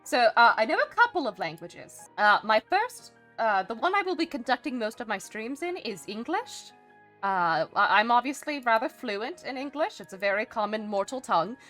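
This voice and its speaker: A woman streamer talks casually in character, rambling along with plenty of "uh"s and restarts. Her voice sits a little high and swings widely in pitch. A touch of dry, smug humor runs through it, with soft music faintly behind her. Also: big pitch swings, normal speed. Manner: rambling, hesitant, many fillers and restarts. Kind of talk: casual live-stream chat.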